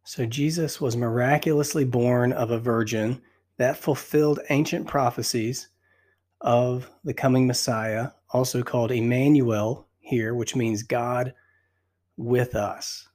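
A man hosting a devotional podcast, reading scripture slowly and reflectively while still out of breath. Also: medium pitch, steady tone, a little mellow. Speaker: podcast host.

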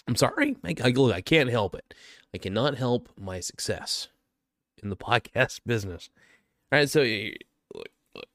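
A man's voice: medium pitch, big pitch swings, measured pace, long pauses, fairly bright tone, dry recording, studio quality. A young man hosting his own podcast, rambling through a joking, self-mocking monologue full of fillers. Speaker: podcast host.

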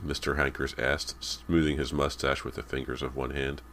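A man with a very deep voice narrates a horror audiobook. His storytelling is steady and measured.

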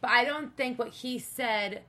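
Woman, calm, casual chat, contrary view. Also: a little high, unhurried. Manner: calm, plays devil's advocate.

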